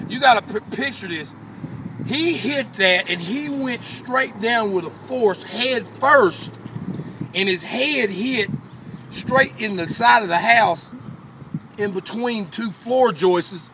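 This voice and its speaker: High-voiced man telling a rowdy story. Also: slow. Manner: animated, profane, laughing often. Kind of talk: casual spoken story. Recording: far from mic, loud street and car noise.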